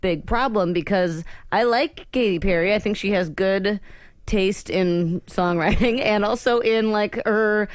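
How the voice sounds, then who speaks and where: A woman co-hosting a podcast in casual chat, telling long rambling stories full of "like" and quick asides into a studio mic. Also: medium pitch, no room sound. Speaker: podcast co-host.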